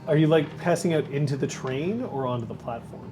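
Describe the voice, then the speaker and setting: A man's voice: fairly high pitch, fairly quick, over music. Casual man running a tabletop game. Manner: casual, animated narration. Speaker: game master.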